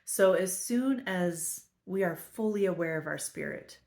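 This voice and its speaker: A woman reading a spiritual text aloud and explaining it, earnest, slowing to repeat the key lines. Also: fairly low pitch, a little mellow. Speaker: spiritual study teacher.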